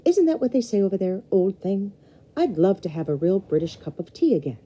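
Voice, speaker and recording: A man's voice: high voice, very animated, brisk, dark tone, pitched above the performer's own voice. Uncle Gideon, a woman doing a hearty showy uncle. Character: fussy, theatrical uncle, middle-aged man.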